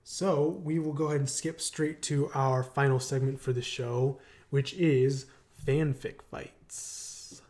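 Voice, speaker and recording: A man co-hosting a casual podcast, talking in quick bursts full of fillers and second thoughts. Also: mid-range voice, steady tone, darkish tone. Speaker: podcast co-host. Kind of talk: casual chat.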